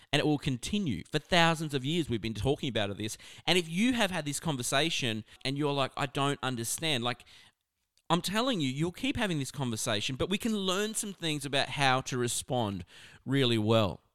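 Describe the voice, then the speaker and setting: Lively man preaching casually. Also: mid-range voice, brisk, dry recording, clean studio sound. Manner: animated and conversational, full of asides. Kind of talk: casual sermon on scripture.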